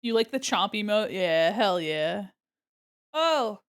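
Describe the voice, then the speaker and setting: A woman's voice: medium pitch, expressive, slow, smooth. A woman streamer chatting casually with her viewers while drawing, laughing and humming to herself.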